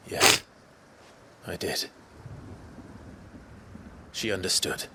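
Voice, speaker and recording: An actor playing a grim, brooding man in a video game cutscene, speaking slowly and quietly. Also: slight background noise, exaggerated voice. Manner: slow, low and subdued. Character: grim, brooding man, guilt-laden hero.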